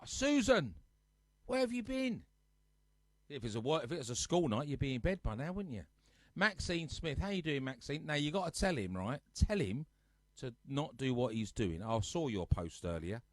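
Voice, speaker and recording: A man hosts a casual live music stream from his sofa at home, greeting viewers by name and ribbing them good-naturedly. His voice sits at an ordinary middle pitch. The sound is dry and close, with no room echo. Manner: chatty, teasing, reads out viewer comments.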